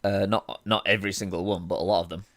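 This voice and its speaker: A man's voice: sits low, steady tone, fast talker, fairly bright tone, dry recording. Drunk young guy co-hosting a podcast, rambling and swearing, dry close sound. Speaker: podcast co-host. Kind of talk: casual chat.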